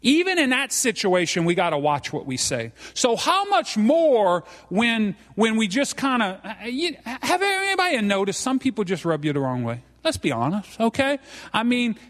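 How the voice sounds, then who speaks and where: A man with a Cajun accent preaches live from the pulpit, mixing teasing jokes into his points and checking in with "okay?" again and again. His voice sits fairly high for a man. The sound rings out with a long hall reverb. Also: sing-song, moderate pace, fairly bright tone. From South Louisiana. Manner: folksy and joking, tags lines with "okay?". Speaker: pastor. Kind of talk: live sermon. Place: church.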